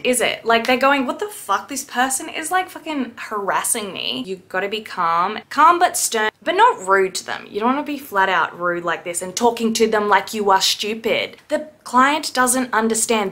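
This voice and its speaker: Bright-voiced woman ranting bluntly. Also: on the high side, normal speed. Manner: blunt, indignant, swears freely. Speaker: piercer. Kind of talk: ranting reaction commentary.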